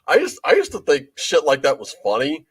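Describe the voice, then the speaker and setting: A male podcast co-host chats casually in a lively, swooping voice that sits a bit high. He laughs often and swears freely. The sound is dry and close. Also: moderate pace, slightly rough, dry recording. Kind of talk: casual chat.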